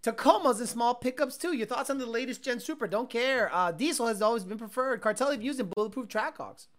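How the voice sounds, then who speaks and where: A woman's voice: fairly high pitch, fast talker. A woman hosting a casual livestream, reading comments and answering bluntly, with profanity and Spanish slang mixed in. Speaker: streamer and car enthusiast host.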